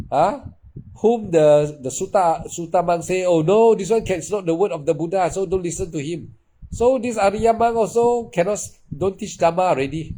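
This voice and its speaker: A man's voice: on the high side, mellow, slight background noise, rough recording. A male meditation teacher, giving a dharma talk in an emphatic, repetitive manner with broken grammar. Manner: repetitive, emphatic, with non-native English grammar.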